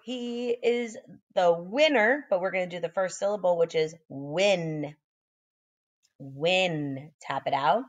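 Her pitch fairly low and the audio dull, this woman yawns a little as she works through phonics with small children. She sounds each letter out slowly and offers praise along the way.

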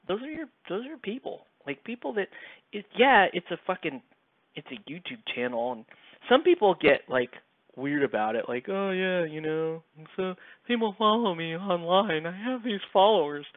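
A man with a medium-pitched voice hosts a miniature painting channel, chatting casually as he paints. He rambles with lots of fillers and casual swearing, and the dry recording has a tinny, phone-like sound with no room sound.

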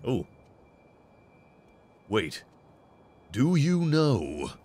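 A man streaming a video game, swearing, yelling in frustration and laughing at himself as he talks to the game. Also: mid-range voice, huge pitch swings, drawn-out words. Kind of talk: casual gameplay commentary.

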